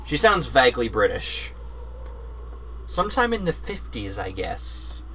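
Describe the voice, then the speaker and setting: A man's voice: medium pitch, very animated, unhurried, pushed and bright, slight background noise. A young man streaming a game live, rambling, repeating himself and swearing as he plays.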